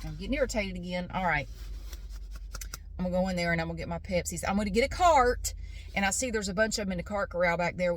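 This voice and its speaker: A woman's voice: lowish voice, a little hiss or hum. A woman vlogger in casual chat, rambling and irritated, with fillers and restarts, talking from a parked car outside a store.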